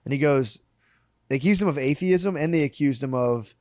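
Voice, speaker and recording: A young man hosting a casual comedic chat, excitable and swearing a lot, often acting out the people he quotes. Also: fairly high pitch, a little fast, no echo, studio quality. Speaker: podcast host.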